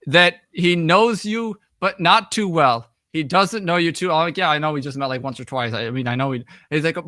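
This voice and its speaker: A young adult man from the United States with an American accent, speaking briskly in a slightly high, sharp voice, tells a long story as an interview guest. He rambles with many fillers and acts out quoted dialogue in this casual conversation. The recording is dry and studio quality.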